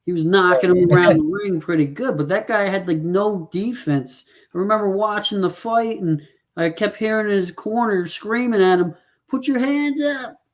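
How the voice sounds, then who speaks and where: On a laid-back fight predictions show, this male co-host rambles through stats and checks numbers out loud, using plenty of fillers. His voice is high-pitched and he speaks at a normal speed.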